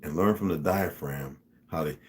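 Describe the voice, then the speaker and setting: A man's voice: a bass voice, normal speed, darkish tone. A man hosting a casual livestream, rambling and profane, who laughs often as he talks. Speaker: livestream host. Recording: music playing clearly behind.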